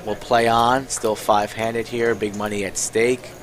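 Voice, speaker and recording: A man's voice: lowish voice, level tone, unhurried. A man giving easygoing live poker analysis at a poker club. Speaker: poker commentator. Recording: crowd chatter behind.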